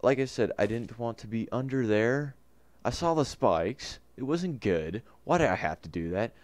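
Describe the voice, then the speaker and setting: A man's voice: medium pitch, lively intonation, normal speed, no room sound. Joking man playing a game. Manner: joking, self-mocking. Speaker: gamer. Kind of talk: game commentary.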